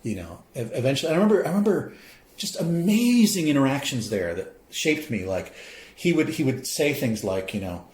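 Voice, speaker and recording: Animated man telling a personal story. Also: mid-range voice, fairly quick. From St. Louis, USA. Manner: animated, emotional, acts out quoted voices. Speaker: podcast guest, professor. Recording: roomy echoey podcast room.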